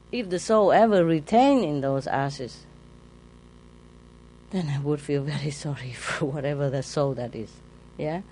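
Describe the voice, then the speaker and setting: A woman's voice: low-pitched, mellow. A spiritual teacher, a woman, chatting casually with a group in non-native English phrasing, laughing often and playfully imitating sounds. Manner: laughs often while talking.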